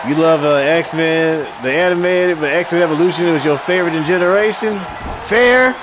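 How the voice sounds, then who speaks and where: A man's voice: fairly high pitch, normal speed, noisy background. A man in his thirties giving loose, joking, profane live commentary on a wrestling stream and chatting with viewers. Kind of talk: casual live commentary with singing and chat replies.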